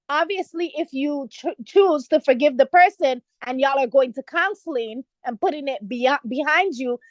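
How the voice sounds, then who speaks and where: High-pitched chatty young woman, dry sound. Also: dry recording. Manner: chatty, animated, many "like" and "you know" fillers, laughs. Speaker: podcast host. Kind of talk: casual reality-TV commentary.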